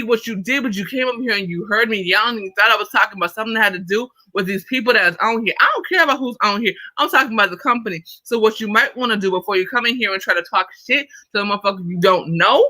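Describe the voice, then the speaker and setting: A woman hosting a livestream, ranting in an irritated, profane, confrontational way at a fast and emphatic pace. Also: medium pitch, bright, forceful tone, dry recording, poor audio. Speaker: livestream host. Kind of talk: livestream commentary rant.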